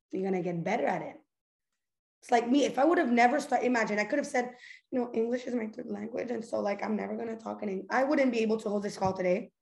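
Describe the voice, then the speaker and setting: In an echoey room, a woman with a fairly high, slightly mellow voice hosts a live motivational call. She speaks to the audience energetically and head-on, peppering them with rhetorical questions and laughing often.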